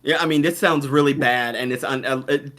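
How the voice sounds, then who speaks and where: A man's voice: medium pitch, fairly even intonation, a little fast, a bit bright. A man in casual discussion, rambling and thinking aloud with lots of fillers. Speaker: discussion panelist. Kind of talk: casual chat.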